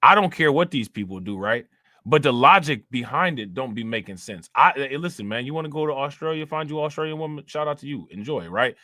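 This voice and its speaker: A young man talks loosely to his stream. He keeps circling back with fillers and restarts. His voice is bright and forward and sits close and dry on the mic. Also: mid-range voice, expressive, fairly quick, no echo. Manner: loose and conversational, fillers and repeats. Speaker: livestream commentator. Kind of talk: casual live commentary reading chat.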